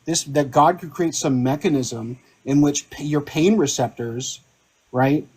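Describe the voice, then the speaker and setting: Husky man asking probing questions. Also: a little high, unhurried, darkish tone. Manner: probing questions, stammers and restarts. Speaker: debater. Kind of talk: live online debate.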